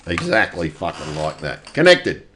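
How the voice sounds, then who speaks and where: Aussie bloke, middle-aged, lowish voice, rambling and swearing nonstop, pushy about it. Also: male voice, big pitch swings, normal speed, fairly bright tone, a little hiss or hum. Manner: profane, insistent, rambling. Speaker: conspiracy video maker. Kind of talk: rambling monologue to camera.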